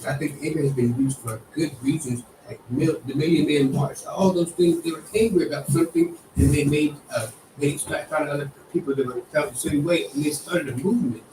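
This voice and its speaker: A man's voice: a little high, fairly even intonation, a little fast, few pauses, dark tone. A man in a group discussion, thinking aloud earnestly and restarting his sentences. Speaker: group participant. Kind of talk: casual discussion. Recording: distant roomy mic with faint noise.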